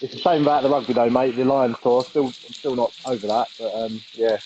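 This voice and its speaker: A man's voice: mid-range voice, steady tone, brisk, mellow, lo-fi sound, slight background noise. A man co-hosting a live barbecue show, chatting with enthusiasm as he cooks. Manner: enthusiastic, chatty, says "mate". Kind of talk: casual chat while grilling.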